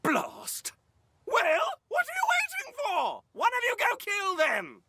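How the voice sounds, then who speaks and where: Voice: extremely high pitch, huge pitch swings, takes it slowly, pushed and bright, a little hiss or hum, heavily acted. A performer voicing a haughty, pompous elf queen and mother in a comedy parody, with an imperious manner.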